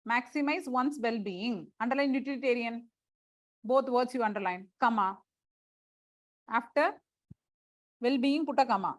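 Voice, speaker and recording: A woman's voice: a little high, moderate pace, long pauses, dry recording. A woman teacher, dictating lecture notes to a class, repeating phrases and spelling out words letter by letter.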